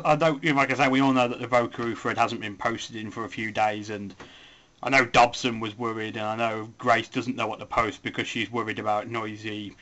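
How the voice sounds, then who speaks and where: A man's voice: medium pitch, fairly bright tone. Rambling, self-mocking young man. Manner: rambling, self-mocking, puts on silly voices. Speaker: forum voice poster. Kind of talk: casual spoken post.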